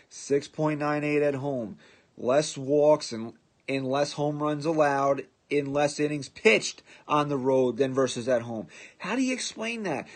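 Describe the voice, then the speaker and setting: A man hosting a podcast, giving a blunt, sarcastic sports rant and mocking the people he talks about. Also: fairly high pitch. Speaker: podcast host.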